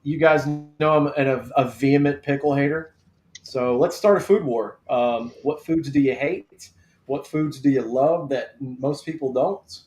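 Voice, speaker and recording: A man's voice: mid-range voice, unhurried, a little mellow, a little hiss or hum. A man hosting a casual live draft show, joking and rambling, reading things out as he looks them up. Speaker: host.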